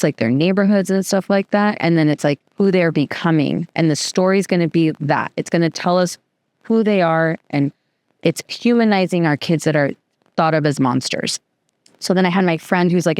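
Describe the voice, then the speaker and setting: A woman guest on a podcast, telling a story in a chatty, animated way with lots of filler words. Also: deep voice, no room sound. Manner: chatty, animated, fills speech with "like". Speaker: podcast guest, youth program co-founder. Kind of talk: casual interview storytelling.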